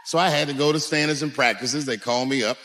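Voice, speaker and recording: A man doing profane, animated stand-up storytelling on stage with a handheld mic, punching up lines with sudden shouts. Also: mid-range voice, fast talker. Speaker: stand-up comedian. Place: stage in a large venue. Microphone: handheld microphone. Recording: echoey live venue.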